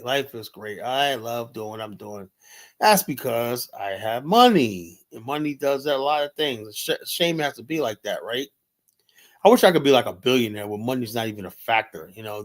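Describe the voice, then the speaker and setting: Blunt, profane middle-aged man ranting. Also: mid-range voice. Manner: profane, rambling, leans on "you know"; blunt and heated. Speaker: livestream host. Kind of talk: unscripted livestream commentary.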